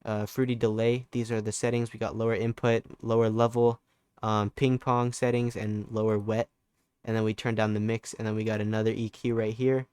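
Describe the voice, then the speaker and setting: Young man, casual tutorial, low flat voice, clean dry close mic. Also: a little fast, smooth, no room sound. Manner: laid-back, loose, with fillers and restarts. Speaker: music producer tutor. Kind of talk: casual screen-recorded tutorial.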